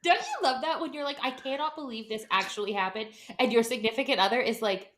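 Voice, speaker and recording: A woman's voice: a little high, quick pace, fairly bright tone, reverberant, slight background noise. A woman co-hosting a podcast, chatting casually and reacting with laughter and sympathy. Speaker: podcast co-host.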